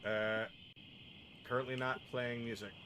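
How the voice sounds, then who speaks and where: A man narrating a tabletop game as game master in a deliberate way. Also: medium pitch, little pitch movement, bright, forceful tone, slight background noise.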